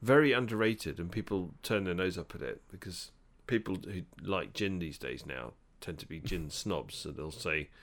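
Bloke cohost, gravelly voice, jokey and opinionated, casual chat. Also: male voice, deep voice, lively intonation, moderate pace, hardly any pauses. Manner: joking, opinionated, laughing. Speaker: podcast co-host.

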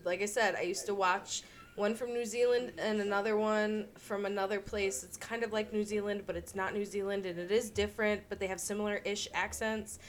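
A woman's voice: medium pitch, fairly even intonation, a little fast, a little hiss or hum. A woman co-hosting a podcast in casual chat, rambling with lots of "like" and restarts. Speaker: podcast co-host.

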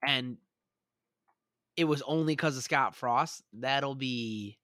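A man's voice: medium pitch, slow pace, no room sound, studio quality. A young man co-hosting a casual sports podcast, joking around and swearing freely. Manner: animated, joking, swears often, laughs a lot. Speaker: podcast co-host.

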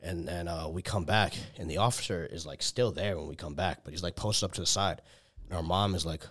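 Low-voiced young man telling a story. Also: fairly quick, fairly bright tone. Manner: heavy filler "like", swears, restarts, quoted dialogue. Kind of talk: casual storytelling.

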